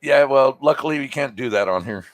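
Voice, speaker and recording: A man's voice: mid-range voice, animated, brisk, no echo. A man from Pennsylvania in a casual live chat, bantering bluntly and swearing.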